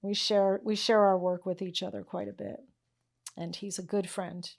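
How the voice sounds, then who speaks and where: A woman's voice: mid-range voice, level tone, normal speed, creaky, darkish tone. A middle-aged woman teaching tailoring in her workshop, chatting casually, laughing often and checking in with "okay?" and "all right?". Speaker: tailoring instructor. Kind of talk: casual teaching chat with anecdotes.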